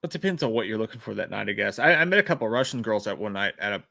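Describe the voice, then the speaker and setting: A man's voice: on the low side, very fast, vocal fry, no echo. A young adult man co-hosting a live show, chatting casually and telling rambling, crude stories. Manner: rambling, crude, lively storytelling. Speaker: podcast co-host.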